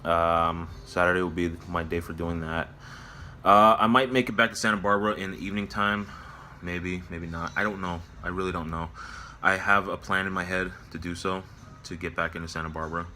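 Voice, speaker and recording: Low-voiced guy doing a somber vlog update at work, halting, lots of ums, kinda sharp tone. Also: fairly even intonation, a little hiss or hum. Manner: halting, reflective, many fillers and restarts. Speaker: vlogger. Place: at his workplace near closing time.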